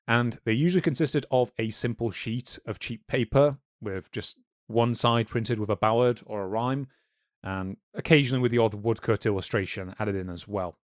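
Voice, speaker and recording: A man's voice: medium pitch, no echo, studio quality. A man co-hosting a history podcast, explaining a subject in an informal, lecture-like way with fillers and asides. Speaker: podcast co-host.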